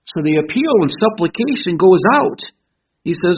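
An older man preaching a sermon who turns loud and fervent when he reads scripture. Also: high-pitched, big pitch swings, normal speed, husky. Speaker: pastor. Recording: dull lo-fi recording with faint hiss.

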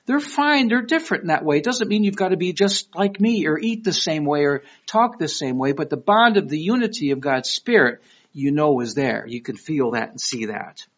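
A man's voice: fairly high pitch, moderate pace. A middle-aged man from Michigan with a Detroit accent, preaching a sermon in a conversational, storytelling way. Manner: conversational, storytelling with lively quoted voices. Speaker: pastor. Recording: dull lo-fi recording.

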